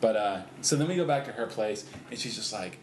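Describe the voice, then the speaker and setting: A man's voice: lowish voice, expressive, brisk. Easygoing middle-aged man telling road stories. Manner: laid-back, rambling, lots of fillers and laughs. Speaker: podcast host. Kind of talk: casual storytelling chat. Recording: roomy echo, faint noise.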